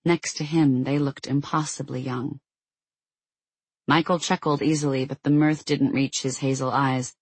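A husky audiobook narrator reading fiction in a measured, even pace. The voice sits in a middle register and is recorded dry and close, with no room sound. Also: mid-range voice, dry recording. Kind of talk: scripted narration.

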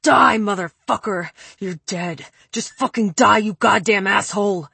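A woman doing a tormented young man, hoarse and raspy from screaming, swearing and breaking down in a storybook reading. The voice is husky and sits close and dry to the mic. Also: lowish voice, unhurried, no room sound. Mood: anguished rage. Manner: yelling, anguished, swearing. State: raspy from yelling.

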